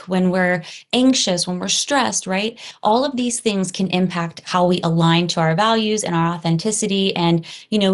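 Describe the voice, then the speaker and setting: A middle-aged woman hosting a solo podcast, talking earnestly and reflectively, often tagging her points with "right?" and "you know.". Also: medium pitch. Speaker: podcast host.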